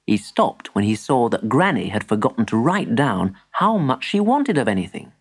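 A woman reading a children's story aloud with lively storytelling. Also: extremely low pitch, normal speed, few pauses, husky.

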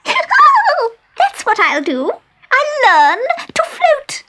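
Woman doing a young witch, high voice, swooping all over, leisurely, storybook, music behind. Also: sing-song, slow, bright, forceful tone, heavily acted. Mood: excited. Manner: bubbly, giggly, breathless exclamations. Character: playful young female witch, dreamy and impulsive. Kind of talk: storybook reading. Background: background music.

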